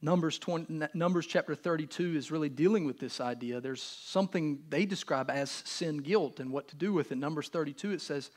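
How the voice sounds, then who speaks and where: A man preaching a sermon in a conversational way. He swings from loud emphasis down to soft, near-whispered lines and acts out voices in casual speech. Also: fairly high pitch, brisk, few pauses. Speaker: pastor.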